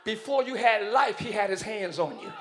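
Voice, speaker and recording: A male pastor preaching a live church sermon with energetic shouting and call-and-response to the congregation. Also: high-pitched, normal speed, a crowd in the background, noisy background.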